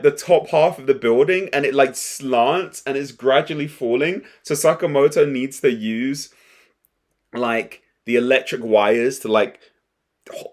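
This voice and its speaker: A young man talks through an anime episode in a loose, chatty recap. He gets excited and rambles, often breaking off and restarting his sentences. His voice sits at an ordinary middle pitch. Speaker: anime commentator. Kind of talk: casual recap and reaction.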